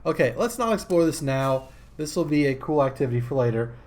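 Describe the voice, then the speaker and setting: A man giving casual gameplay commentary as a let's-play host, rambling and easily excited, with many fillers. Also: medium pitch, fairly quick.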